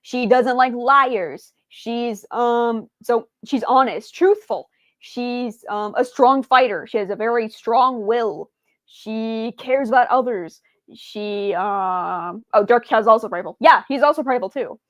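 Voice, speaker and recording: A woman's voice: fairly high pitch, a little slow, dry recording, clean studio sound. A woman streamer chatting casually, rambling with many fillers and restarts, stumbling over her words and answering viewers' chat.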